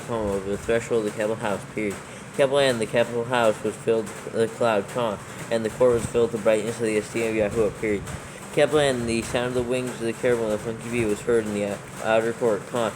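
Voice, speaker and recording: A man proofreading scripture aloud, reading it fast and speaking every punctuation mark, stumbling now and then. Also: lowish voice, noisy background. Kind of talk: dictating text with punctuation.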